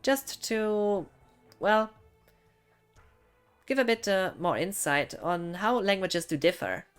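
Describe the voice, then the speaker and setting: A woman's voice: medium pitch, slow pace, smooth, soft background music. A young woman with a German accent, a non-native English speaker, rambling casually as she chats on a live gaming stream. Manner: rambling, thinking aloud.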